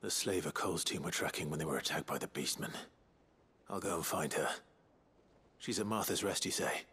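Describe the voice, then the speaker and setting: Deep-voiced grave swordsman. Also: brisk, a bit bright, slightly rough, full character voice. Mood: serious.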